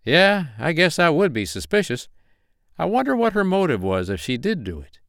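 A man reading the part of a friendly, folksy male state investigator who talks in an easygoing, casual way, pitched well above his own voice. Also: big pitch swings, normal speed, creaky, fairly bright tone, no room sound, clean studio sound, full character voice.

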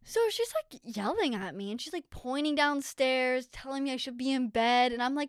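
A young woman co-hosting a casual podcast with her mother, animated and quick to interrupt. Her voice sits a bit high and she swears casually. The recording is close and dry. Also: no echo. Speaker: podcast co-host, daughter. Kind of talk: casual chat.

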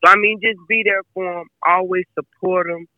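A woman whose son plays football is an interview guest, talking casually and emphatically about him and repeating phrases as she chats. Her fairly low voice is steady and moderately paced, and the audio is dry, narrow and tinny.

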